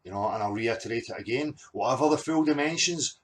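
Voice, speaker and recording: Man, channel host, emphatic argumentative monologue, mid-pitched, lots of "you know" fillers. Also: expressive, fairly quick, few pauses. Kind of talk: monologue reacting to clips.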